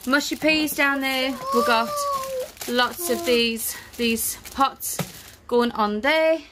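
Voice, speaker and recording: Chatty, breathless mum vlogger. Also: female voice, fairly high pitch, slow, background noise. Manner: chatty, self-correcting, laughs easily. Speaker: family vlogger. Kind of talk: casual grocery haul chat.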